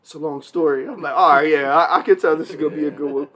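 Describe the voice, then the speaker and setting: A man on a casual podcast, bantering with lively, profane storytelling and acting out quotes. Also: on the high side, quick pace. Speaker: podcast co-host. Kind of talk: casual chat.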